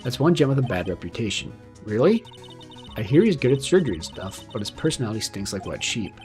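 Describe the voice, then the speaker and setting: A man's voice: medium pitch, very animated, quick pace, darkish tone, soft background music, natural voice. A man reading the part of a brash, blunt-talking country woman photographer in a game, in folksy phrasing.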